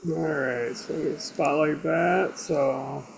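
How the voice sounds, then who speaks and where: A man's voice: a little high, fairly even intonation, slow, gravelly, crowd noise. A man who produces the show, joking and teasing his sister on a casual group video call.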